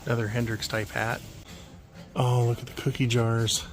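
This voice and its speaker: A man vlogging as he walks through an indoor antique mall, making relaxed offhand remarks and chuckling at the finds. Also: mid-range voice, moderate pace, faint music behind. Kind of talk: casual walkthrough commentary.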